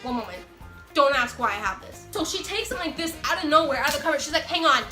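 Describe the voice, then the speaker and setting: A young woman telling a storytime vlog in an animated, excitable, self-mocking way. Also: high voice, fast, reverberant, soft background music. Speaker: vlogger.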